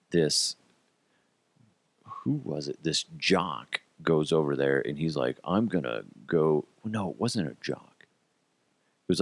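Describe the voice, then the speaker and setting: Deep, gravelly man telling a story. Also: no room sound. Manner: profane, animated, laughs at his own jokes. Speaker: podcast host. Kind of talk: casual storytelling.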